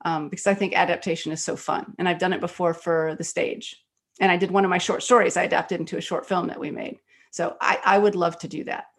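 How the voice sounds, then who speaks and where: A woman guest, an author and screenwriter, talking in an interview and telling stories quickly and animatedly, with many fillers. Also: lowish voice, steady tone. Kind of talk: conversational interview storytelling.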